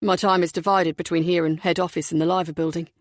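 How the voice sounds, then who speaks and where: A woman's voice: fairly low pitch, flat delivery, dry recording, pitched below the performer's own voice, natural voice. A woman voicing a nervous, flustered young male company director who keeps apologizing, in a dry close audiobook recording. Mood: harried. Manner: apologetic, shaken and hurried.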